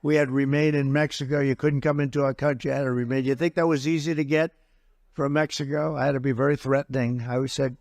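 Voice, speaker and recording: A man's voice: medium pitch, flat delivery, fast talker, a little mellow. A man speaking as a political candidate at a campaign rally, blunt and mocking, repeating his points and boasting in asides to the crowd.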